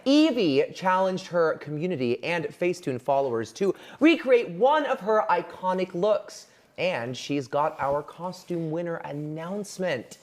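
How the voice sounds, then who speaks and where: A co-host with a sassy, campy manner who keeps calling people "baby" on a playful live show. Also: female voice, on the low side, sing-song, unhurried. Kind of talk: playful live-stream hosting.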